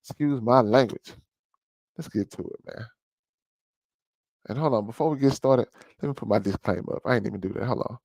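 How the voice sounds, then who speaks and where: A man's voice: medium pitch, fast, creaky, long pauses, a little mellow, dry recording, rough recording. Preachy man ranting in a dry room. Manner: preachy, emphatic, keeps calling listeners family. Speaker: vlog host. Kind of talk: ranting commentary over a played video.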